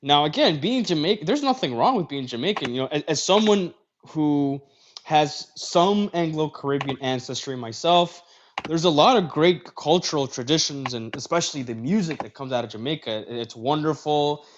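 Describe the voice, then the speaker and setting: A man's voice: on the high side, animated, normal speed. A man hosting a casual podcast chat, talking in an opinionated, rambling way with restarts. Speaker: host. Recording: slightly dull audio with faint noise.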